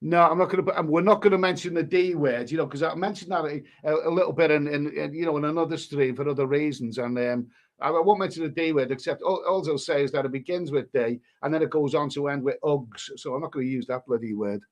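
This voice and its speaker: A man's voice: on the high side, fast talker. A man, hosting a live stream and rambling through crude commentary with many restarts. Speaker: livestream host.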